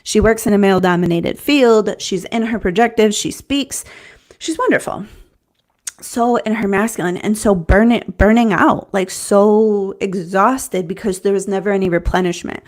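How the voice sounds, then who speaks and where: A woman's voice: medium pitch, fairly even intonation, normal speed, few pauses, darkish tone. A woman business coach giving an earnest, conversational talk, often restarting phrases and checking in with "right?". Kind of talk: teaching talk to camera.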